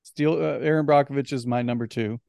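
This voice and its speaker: A man co-hosting a podcast, chatting casually about films in an animated way and often restarting his words. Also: mid-range voice, a little fast, vocal fry, no echo, studio quality. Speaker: podcast co-host. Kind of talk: casual film discussion.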